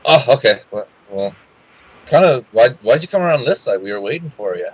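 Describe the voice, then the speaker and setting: A man's voice: medium pitch, lively intonation, a little fast, slightly rough, no room sound, lo-fi sound. A man voicing a wary bandit crewman who questions a newcomer. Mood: suspicious. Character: suspicious bandit crewman, middle-aged man.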